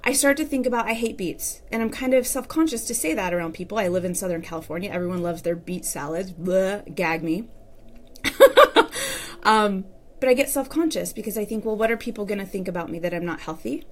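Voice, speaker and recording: A woman's voice: medium pitch, fast. Chatty woman coaching viewers on a live stream. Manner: chatty and candid, addresses viewers directly.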